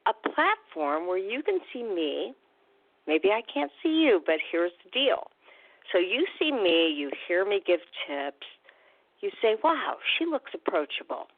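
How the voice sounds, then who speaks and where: A woman hosting a radio talk show as a recovery coach, chatty and upbeat, with casual fillers. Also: medium pitch. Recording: tinny phone-line sound, dry.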